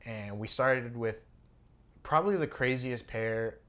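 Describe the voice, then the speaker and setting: A young man talks in a relaxed, unhurried way on a casual podcast. He often pauses on fillers and trails off between thoughts. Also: mid-range voice. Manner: relaxed, easygoing, halting with fillers. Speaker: podcast co-host. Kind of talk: casual sneaker chat.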